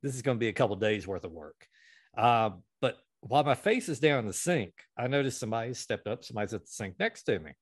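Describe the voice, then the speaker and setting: A man hosting a podcast, telling a long, profane story with lively energy. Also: medium pitch, fast, slightly rough, no echo, clean studio sound. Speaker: podcast host. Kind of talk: casual storytelling chat.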